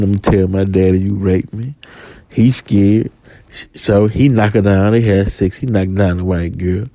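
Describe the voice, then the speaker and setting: A man's voice: on the low side, mellow, no room sound. A man ranting in a slangy storytelling monologue, restarting phrases often as a podcast host.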